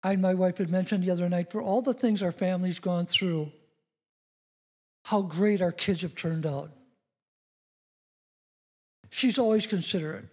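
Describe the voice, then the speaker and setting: A man's voice: high voice, moderate pace, pauses often, darkish tone. A middle-aged man preaching a sermon, telling personal stories in an earnest way that rises to emphatic declarations.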